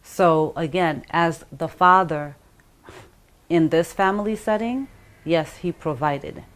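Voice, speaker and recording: A middle-aged woman telling her own story in an interview, halting and pausing, acting out the voices of others as she goes. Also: low-pitched. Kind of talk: emotional personal account.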